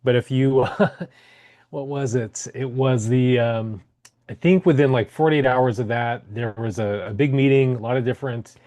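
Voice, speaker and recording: A man's voice: medium pitch, steady tone, normal speed, mellow. A man co-hosting a podcast, telling stories in a rambling, casual way with many ums and restarts. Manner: rambling storyteller with fillers and restarts. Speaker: podcast co-host. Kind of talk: casual political chat.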